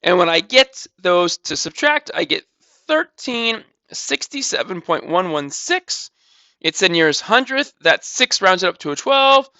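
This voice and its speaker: A man's voice: sits high, big pitch swings, measured pace, bright, forceful tone, no echo, dull audio. A man teaching a recorded math lesson, walking through calculations step by step in a casual way and repeating numbers.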